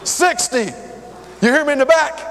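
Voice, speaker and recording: A man's voice: high voice, measured pace. An older man preaching a sermon, telling personal stories and talking straight to the congregation. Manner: lively, conversational, talks straight to the crowd. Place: church hall. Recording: long hall reverb.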